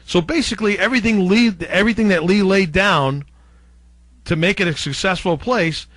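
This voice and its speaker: A man with a slightly high voice tells stories from his radio days, acting out what others said with lively energy. The sound is dry and close, with no room around it. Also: normal speed, dry recording. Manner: animated, acts out quotes of others. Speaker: former radio DJ guest. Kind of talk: casual storytelling interview.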